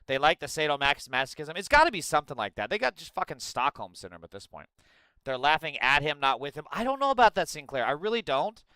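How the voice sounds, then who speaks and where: A man hosting a live political reaction stream, reading chat and reacting in a profane, sarcastic, animated way. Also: fairly high pitch, quick pace, smooth, no echo, low-quality recording.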